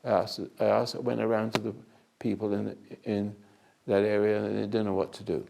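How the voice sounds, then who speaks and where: An older man giving an unscripted, sermon-like talk as a spiritual teacher, telling a story slowly with many restarts and hesitations. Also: on the low side, little pitch movement, noisy background. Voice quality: gravelly.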